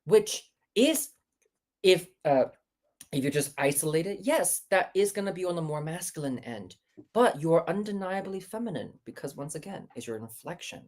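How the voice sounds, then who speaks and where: A woman's voice: on the low side, expressive, moderate pace, a little mellow, far from the mic. A woman voice coach, a guest on the show, explaining technique with many hesitations and fillers over a remote call. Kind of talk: instructive interview answers.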